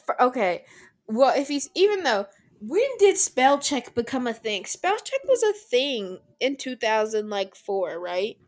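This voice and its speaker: Young woman, podcast co-host, slightly high voice, sarcastic, giggly casual recap. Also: sing-song, unhurried. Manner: sarcastic, giggly, talks over her co-host.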